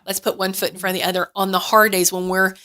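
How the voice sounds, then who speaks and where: A woman's voice: medium pitch, level tone, quick pace, sharp tone. A woman guest on a radio talk show, telling a story earnestly with many restarts. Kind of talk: casual radio chat.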